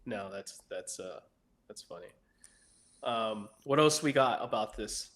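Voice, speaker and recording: A man's voice: fairly low pitch, unhurried, a bit bright. A man co-hosting a podcast, talking casually and pressing his co-host with follow-up questions. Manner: probing questions, conversational. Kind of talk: casual chat.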